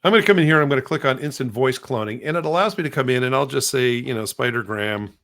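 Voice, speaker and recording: A middle-aged podcast host explains things as he goes in a loose, rambling casual podcast demo, with frequent restarts and repeated words. He speaks fast at medium pitch with a bit of brightness.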